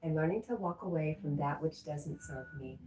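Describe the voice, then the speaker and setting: A woman's voice: low-pitched, moderate pace, warm tone, roomy sound, low-quality recording. A middle-aged woman hosting a casual livestream, reading chat messages aloud and answering them with frequent laughter. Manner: reads chat messages aloud and chats back, laughing often.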